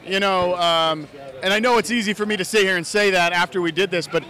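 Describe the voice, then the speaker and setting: High, bright-voiced earnest man. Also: brisk. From United States (Idaho). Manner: earnest, talkative, restarts phrases often. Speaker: actor and fan filmmaker, interview guest. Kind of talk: casual interview.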